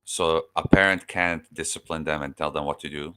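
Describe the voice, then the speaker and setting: A man's voice: rumbling low, steady tone, normal speed, bright, forceful tone, smooth. A man jumping into a heated online debate, crude and interrupting, repeatedly cutting in to hold the floor. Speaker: debate participant.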